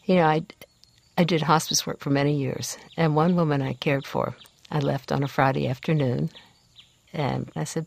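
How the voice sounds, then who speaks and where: Older Southern-raised woman, reflective storyteller, husky and a touch low-voiced. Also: steady tone. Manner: reflective, unhurried recollection. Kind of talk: personal storytelling.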